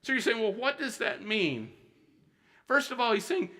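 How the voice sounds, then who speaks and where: A high, bright-toned man preaches to his congregation. He leans into rhetorical questions and slows down to read scripture with earnest emphasis. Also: lively intonation. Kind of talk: sermon. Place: church sanctuary.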